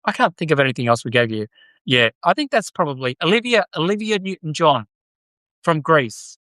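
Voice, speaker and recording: A man with an Australian accent talks casually to his live stream viewers in a slightly high voice. He rambles, restarts, and fills pauses with ums and uhs. The sound is dry and close, with no room echo. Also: big pitch swings, fairly bright tone. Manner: rambling, many fillers and restarts. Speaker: podcast host on live stream.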